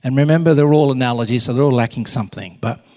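A man's voice: mid-range voice, fast. Man talking in a big reverberant hall. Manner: relaxed storyteller, jokey. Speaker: Catholic speaker. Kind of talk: live faith talk to an audience.

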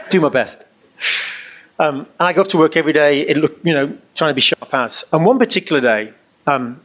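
A middle-aged man shares a personal testimony with a gathered audience. His voice sits at an ordinary male pitch as he tells his tale with lively, chuckling asides and homely colloquial turns of phrase. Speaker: speaker giving a personal testimony. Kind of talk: storytelling testimony to a live audience.

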